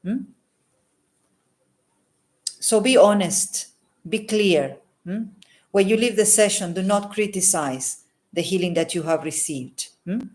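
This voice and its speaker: A holistic healer and psychic speaks to camera in an earnest, unscripted advice monologue, repeating phrases for emphasis and tacking a questioning "hmm?" onto her points. Her voice is medium-pitched and a little mellow, delivered slowly with long pauses.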